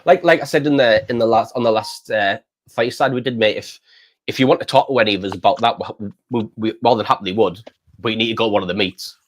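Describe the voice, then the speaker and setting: Rambling man, low voice. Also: fast talker. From England. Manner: rambling, repeats words, says "mate" often. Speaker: channel host. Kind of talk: casual storytelling chat.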